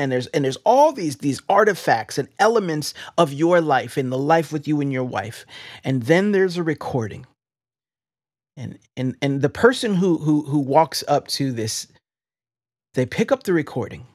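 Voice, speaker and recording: A man's voice: fairly high pitch, no echo, clean studio sound. Preacherly, enthusiastic male podcast host. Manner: enthusiastic, preacherly, repeats words. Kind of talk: faith-based interview podcast.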